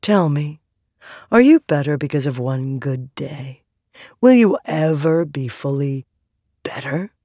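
A woman voicing a soft-spoken, smoke-headed female spirit who speaks in a calm, insistent, coaxing way. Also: low voice, slow pace, no echo, clean studio sound, exaggerated voice. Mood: quietly insistent. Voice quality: soft, quiet.

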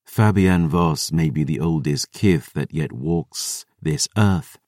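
A man doing a soft, solemn woman in hushed awe. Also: extremely low pitch, slow, dry recording, studio quality. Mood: awed. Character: ancient-minded solemn woman, hushed and awed.

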